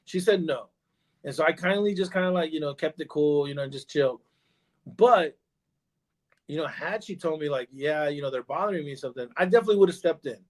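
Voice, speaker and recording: A man appearing as a podcast guest speaks fairly quickly, his voice a bit higher than most men's with a darkish tone. He's bilingual in Spanish. He tells his story casually and meanders, with plenty of fillers, restarts, and repeated "you know"s.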